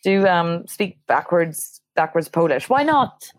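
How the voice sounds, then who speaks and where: Lady comic, jokey and laughing, bouncy pitch, chatting over a call. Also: very animated, a little slow, no room sound. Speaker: comedian panelist. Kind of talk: casual chat.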